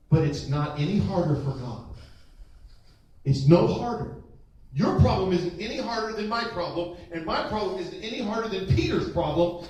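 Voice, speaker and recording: A man preaching a sermon in a dramatic style, acting out quotes and rising to shouts, in a large church hall. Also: a little high, muffled recording, a little hiss or hum. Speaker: pastor. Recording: very echoey, distant from the mic.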